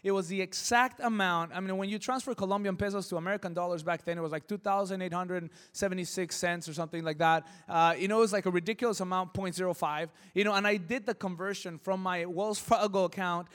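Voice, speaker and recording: Guy pastor telling a story from the pulpit, high voice, acts out all the voices, big echoey hall. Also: fast talker, few pauses, clear, resonant tone. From Southern California. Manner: animated, acts out voices in his stories. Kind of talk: storytelling sermon. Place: church hall.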